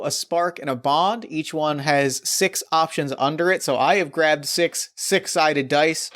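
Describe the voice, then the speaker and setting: Man, podcast host, fairly high voice, upbeat, chatty, eager. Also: fairly bright tone. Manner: upbeat, enthusiastic, many fillers. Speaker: podcast host and game master. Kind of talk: casual chat before a tabletop game.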